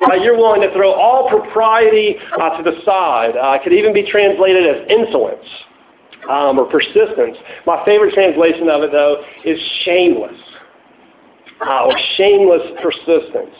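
A man's voice: high-pitched, lively intonation, moderate pace. A man preaching a casual, conversational sermon, full of fillers and restarts, joking as he goes. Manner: casual, chatty, many fillers and restarts, laughs at own jokes. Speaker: pastor. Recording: echoey room on tinny phone-like line.

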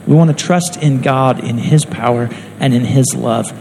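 A man's voice: medium pitch, normal speed, creaky, noisy background. A man preaching a sermon in an earnest, conversational way, acting out quotes as he goes.

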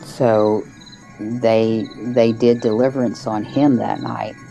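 A woman tells a true story in a loose, halting way, circling back and restarting her sentences. Her voice has a gravelly rasp and a slow, deliberate pace, with faint music under it. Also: a bass voice, fairly even intonation, dark tone, muffled recording. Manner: halting, with many restarts and "you know"s. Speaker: guest storyteller. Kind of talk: casual spoken storytelling.

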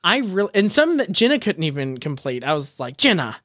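A podcast host spins animated stories and jokes in casual chat, full of quick asides. The voice sits in a middle pitch range and sounds dry and close. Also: no echo.

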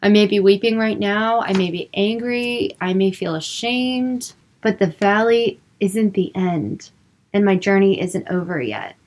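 A woman's voice: medium pitch, lively intonation, a little slow, darkish tone. A young woman speaking earnestly about faith and emotions in a personal, unscripted way, with lots of filler words. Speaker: Christian speaker.

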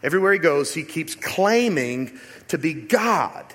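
Guy pastor preaching, lively and rhetorical, voice a bit high, big echoey church hall. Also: a little slow. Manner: animated, rhetorical, with shifts into quoted voices. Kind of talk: sermon. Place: church sanctuary. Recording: long hall reverb.

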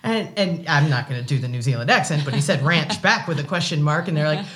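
A woman in her late thirties telling a work story as an interview guest, animated with quick asides and laughs. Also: low voice. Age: late 30s. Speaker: wine sales guest. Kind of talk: casual storytelling.

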